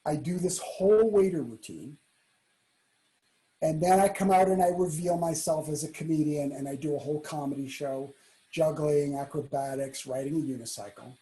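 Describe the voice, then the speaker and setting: A man telling a personal story at a talk, acting out the people he quotes in a hushed voice. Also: fairly high pitch, moderate pace, low-quality recording. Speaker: keynote speaker.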